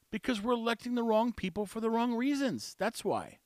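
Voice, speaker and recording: A man's voice: very high-pitched, sing-song, a little fast, a little mellow, no room sound, studio quality. A man hosting a podcast, giving blunt, sarcastic casual commentary on a clip he plays. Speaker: podcast host.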